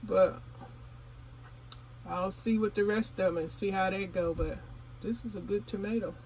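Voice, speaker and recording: Eine Frau, die in lockerem Plauderton für ihren Gartenkanal vlogt, ihre Zuschauer direkt anspricht und manchmal beim Kauen redet. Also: female voice, medium pitch, moderate pace, darkish tone, slight background noise, low-quality recording. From California. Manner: chatty, addresses viewers as y'all; talks while chewing. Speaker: gardening vlogger. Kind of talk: casual vlog chat.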